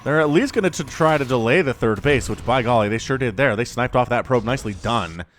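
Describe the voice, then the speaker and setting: A man casting a strategy video game match on his own, excitable and chatty, laughing often and fighting the hiccups. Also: medium pitch, a little fast, a little hiss or hum. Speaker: game commentator. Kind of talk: solo esports play-by-play commentary.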